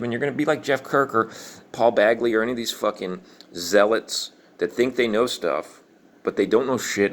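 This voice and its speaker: A man with a fairly low voice rants in an angry monologue. He swears often and hammers his points in a combative, preachy way. He pushes through his lines fast and insistently. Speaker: online commentator.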